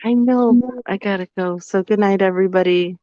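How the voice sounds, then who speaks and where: A woman co-hosting a live podcast, teasing her partner in an easygoing, drawn-out way. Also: mid-range voice, clear, resonant tone. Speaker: podcast co-host. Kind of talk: casual live podcast chat. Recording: slightly dull lo-fi audio.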